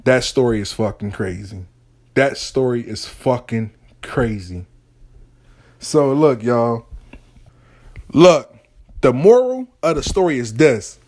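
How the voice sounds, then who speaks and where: A man's voice: mid-range voice, expressive, slow pace, pauses often, a little mellow. Profane, emphatic male storyteller. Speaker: storytelling show host. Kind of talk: casual storytelling.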